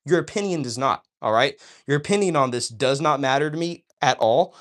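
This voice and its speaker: Talking straight to his livestream audience, this host reads out chat in an eager, preachy style, often asking "all right?". His medium-pitched voice is a bit bright, with lively intonation and a fairly quick pace.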